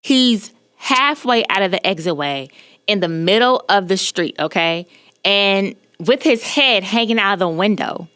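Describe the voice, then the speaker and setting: A woman hosting a podcast, telling a personal story in an emphatic, animated way and often checking in with the listener. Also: medium pitch, no echo. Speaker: podcast host.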